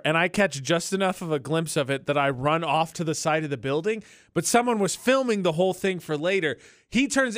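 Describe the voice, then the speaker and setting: Guy radio host, bit higher voice, laughs a lot, dry close studio sound. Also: dry recording. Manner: animated storyteller, laughs often. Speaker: radio morning show host. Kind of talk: casual radio banter. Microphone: studio mic.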